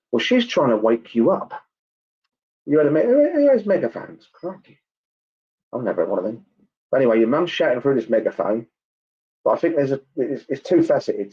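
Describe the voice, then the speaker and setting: A man giving a clairvoyant reading at a church service, chatty and halting, with many ums and asides. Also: mid-range voice, breathy edge, lo-fi sound. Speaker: spiritualist medium.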